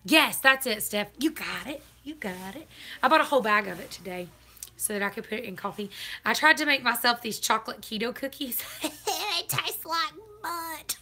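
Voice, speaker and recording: A woman's voice: on the high side, lively intonation, a little fast, pushed and bright. A woman chatting casually on a live stream, laughing often. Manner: chatty, laughs often, Southern turns of phrase.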